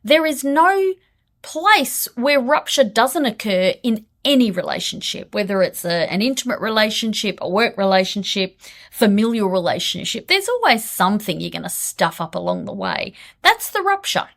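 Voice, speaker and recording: A woman's voice: on the high side, normal speed. A woman counsellor giving direct, blunt relationship advice in a podcast monologue. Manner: direct, blunt, lively delivery.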